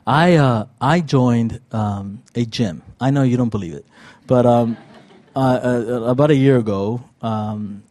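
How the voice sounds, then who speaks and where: A man's voice: mid-range voice, a little slow, darkish tone. A middle-aged man preaching a sermon in a casual, self-deprecating storytelling way, with lots of fillers. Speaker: pastor.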